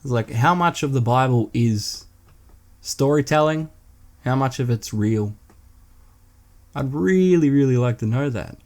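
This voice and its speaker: A man's voice: mid-range voice, animated, measured pace, pauses often, darkish tone. A young man hosting a solo podcast, delivering an irreverent, sweary, mocking rant in casual talk. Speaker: podcast host.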